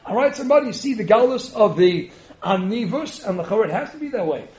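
A man's voice: high voice, animated, fast talker, darkish tone. A man giving a spirited Torah lecture, emphatic, posing rhetorical questions and answering them himself. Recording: roomy echo.

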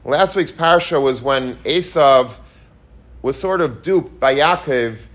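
A man's voice: mid-range voice, slow pace, fairly bright tone. A man teaching the weekly Torah portion, earnest and repetitive, asking rhetorical questions and mixing in Hebrew and Yiddish terms. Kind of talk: Torah lecture.

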